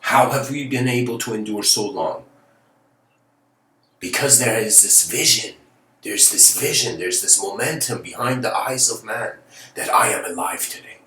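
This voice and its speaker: His voice sits on the low side, pushed and bright, moving at normal speed as he delivers a philosophical lecture. The story rambles casually with many fillers like "you know," captured by a distant mic in a roomy space with faint noise.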